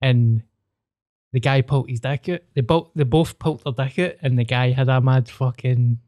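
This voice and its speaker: A man's voice: medium pitch, steady tone, normal speed, a little mellow, no room sound. A man with a Scottish accent, a comedian guest on a podcast, chatting casually with dry jokes. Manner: dry, joking, plugs his gig.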